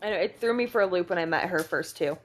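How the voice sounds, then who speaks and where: A chatty woman from Idaho hosts a casual video-call conversation. She laughs often and slips into lively quoted voices as she tells stories. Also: on the low side, fast. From Idaho, USA. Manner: chatty, laughing, animated retellings. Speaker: host.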